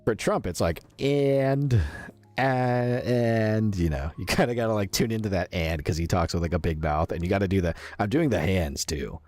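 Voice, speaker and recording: A man's voice: low voice, animated, fast talker, few pauses, a little mellow, slightly rough, soft background music. A male streamer with a stuffy nose, chatting casually with his viewers in a rambling, filler-heavy way.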